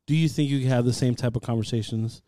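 A man's voice: medium pitch, fairly even intonation, quick pace, warm tone, dry recording, clean studio sound. A young man co-hosting a podcast, bantering in a blunt, teasing way and laughing easily. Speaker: podcast co-host. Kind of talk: casual crude banter.

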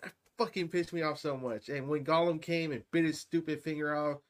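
A man's voice: fairly high pitch, brisk. A middle-aged man co-hosting a casual chat, telling stories with heavy swearing and frequent "right?". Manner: profane, animated storytelling with lots of "right?". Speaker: podcast co-host.

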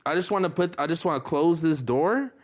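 A man's voice: fairly high pitch, fairly quick. A young man co-hosting a podcast, joking around, swearing and laughing with friends in casual chat. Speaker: podcast co-host.

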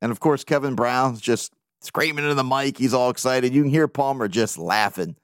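A man hosting a casual sports podcast, talking as an excited, profane fan with lots of energy. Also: mid-range voice, moderate pace, smooth, dry recording, studio quality. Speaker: podcast host.

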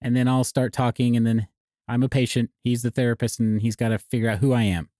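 A man co-hosting a podcast, chatting casually and reacting with animated remarks. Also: medium pitch, quick pace, dry recording, clean studio sound. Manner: laughs easily, animated. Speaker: podcast co-host. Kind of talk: casual chat.

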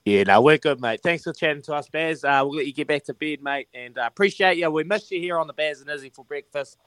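A man's voice: fairly high pitch, fast talker, a bit bright, clean tone, no echo. A man with a New Zealand accent hosting a breakfast radio show, easygoing and matey, often repeating himself. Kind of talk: casual radio chat.

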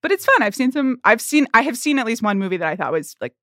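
A woman co-hosting a casual film podcast, talking in a chatty, halting way with many restarts. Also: fairly high pitch, sing-song, a bit bright, no room sound, clean studio sound. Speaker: podcast co-host. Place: at a film festival.

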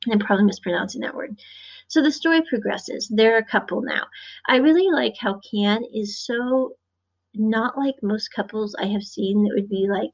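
Speaking at normal speed in a creaky mid-range voice, a show reviewer from the US Midwest gives a chatty, rambling recap of an episode. She acts out the quotes, and the lo-fi recording sounds dull.

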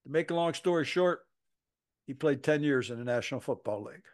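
An older man in his seventies spins a coaching yarn in a middle-pitched voice. He leans into the quotes, swears freely, and keeps the story moving as a podcast guest. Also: fairly quick. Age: 70s. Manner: animated storyteller who acts out quotes, salty language. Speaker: football coach.

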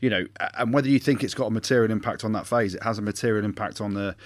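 A man talks rugby on a casual podcast, arguing his case with plenty of energy and quick laughs. His voice sits fairly low. The recording is dry and close, with no room echo. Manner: lively, argumentative, quick to laugh. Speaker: podcast co-host, former rugby fly-half. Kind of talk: casual sports chat.

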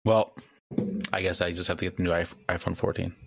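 Chill podcast guy, talks fast, lowish voice. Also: flat delivery, gravelly, slightly rough, no room sound. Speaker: podcast co-host. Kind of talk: casual chat.

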